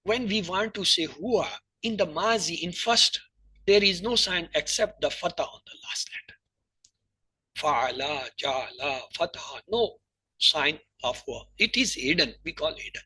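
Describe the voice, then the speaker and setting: A man teaching Arabic verb conjugation in an online class, explaining slowly and repeating verb forms in lists. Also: a little high, expressive, bright, forceful tone, breathy edge, rough recording.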